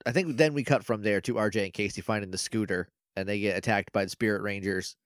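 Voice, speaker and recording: A man's voice: on the low side, steady tone, fast talker, dry recording, studio quality. A man co-hosting a podcast, casually recapping an episode, rambling and laughing as he acts out the characters' lines. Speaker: podcast co-host.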